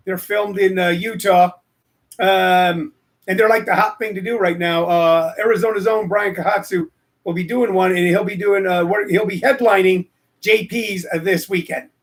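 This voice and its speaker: Speaking at a moderate pace in a high voice with a steady tone, a man in his sixties runs a casual livestream show. The stand-up comedian host rambles, cracks jokes, and digresses between his stories and plugs.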